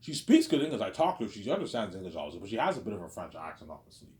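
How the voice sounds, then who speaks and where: A man's voice: lowish voice, sing-song, rapid-fire, darkish tone. Rambling, repetitive man in his thirties. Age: 30s. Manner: repetitive, keeps saying "obviously" and "you know what I'm saying". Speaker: vlogger. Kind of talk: rambling casual monologue.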